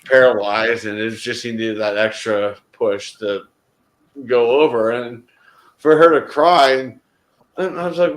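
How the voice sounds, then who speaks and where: A man's voice: medium pitch, measured pace, roomy sound, low-quality recording. A man in casual group conversation, telling a heartfelt story in a rambling way, often restarting his sentences. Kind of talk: casual chat.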